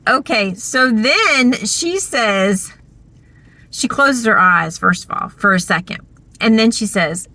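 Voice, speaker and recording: A woman vlogger telling a story from her school days in a chatty, animated way, full of fillers. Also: a little high, slow pace, no room sound. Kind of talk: casual storytelling.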